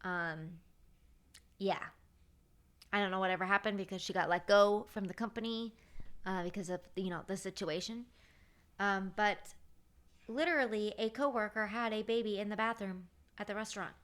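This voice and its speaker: A woman's voice: mid-range voice, normal speed, long pauses. A woman in her thirties hosting a podcast, telling work stories in a casual, chatty way with lots of fillers and quoted dialogue. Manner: animated retelling with acted-out quotes. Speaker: podcast host. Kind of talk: casual storytelling monologue.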